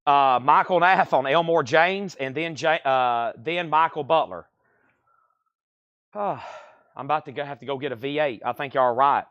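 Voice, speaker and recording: A man auctioning vinyl records on a livestream, reeling off condition grades, prices and bidders' names in a quick, steady patter. His voice sits at an ordinary middle pitch and is recorded close and dry, with no room sound. Now and then a cough from allergies breaks in. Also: dry recording, muffled recording. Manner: quick, running commentary on records, grades and bids. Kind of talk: fast live-sale patter.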